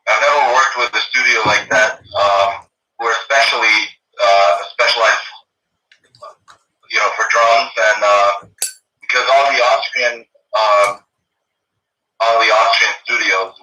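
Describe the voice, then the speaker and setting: A man's voice: on the low side, steady tone, unhurried, pauses often, sharp tone, a little hiss or hum. A man speaking as a musician guest over a video call, hesitant and full of fillers. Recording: distant, echoey video call audio.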